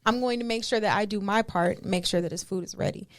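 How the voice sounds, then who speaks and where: A woman co-hosting a podcast, chatting casually and deliberately, often repeating herself to drive a point home. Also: medium pitch. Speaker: podcast co-host. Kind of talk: casual chat.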